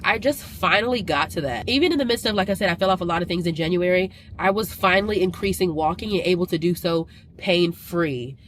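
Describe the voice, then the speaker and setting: A woman's voice: lowish voice, fairly quick, slight background noise. A woman from Louisiana, talking emphatically to camera in a casual vlog and repeating phrases for effect. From Southern US, Louisiana. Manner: emphatic, preacher-like repetition and rising intensity. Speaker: vlogger.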